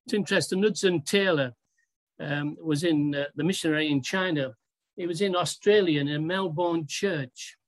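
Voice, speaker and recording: A preacher delivering a sermon in a deliberate, emphatic way, asking rhetorical questions and drawing out key words. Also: medium pitch.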